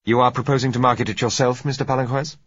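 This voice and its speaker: A guarded, businesslike managing director, voiced by a man reading a story, lifted somewhat above the reader's own low, husky tone. The sound is dull and lo-fi. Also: fairly even intonation, fast talker, dry recording, natural voice. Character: wary British company managing director, man.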